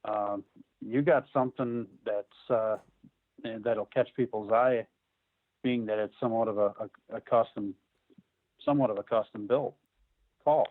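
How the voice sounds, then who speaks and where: A man hosting a casual interview, relaxed and halting in his remarks. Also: lowish voice, dry recording. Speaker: host. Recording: tinny dry phone line.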